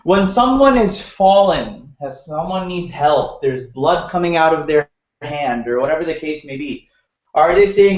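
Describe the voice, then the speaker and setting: Male teacher, high voice, conversational classroom explainer; dull, lo-fi sound in a reverberant room. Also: animated, measured pace. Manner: conversational, poses questions to the class. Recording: roomy, dull lo-fi classroom recording.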